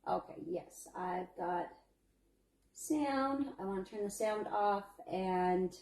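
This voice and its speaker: A woman's voice: medium pitch, slow, a little mellow, slight background noise. Chatty nervous woman baker on a live stream. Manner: chatty and encouraging, calls viewers honey. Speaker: home baker hosting a live fundraiser bake. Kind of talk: casual live-stream chat.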